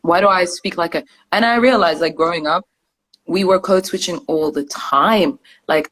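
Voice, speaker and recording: Lively woman, mixed British-American accent. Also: lowish voice. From Sudan and Britain. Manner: animated, fast-shifting, code-switching storyteller. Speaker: guest journalist. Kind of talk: casual interview chat.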